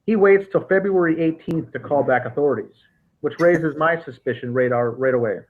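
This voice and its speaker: Over a tinny, phone-like line with a faint hiss or hum, a male podcast host with a slightly high voice talks a bit quickly. He goes through case details methodically in a casual investigative discussion, often restarting his sentences.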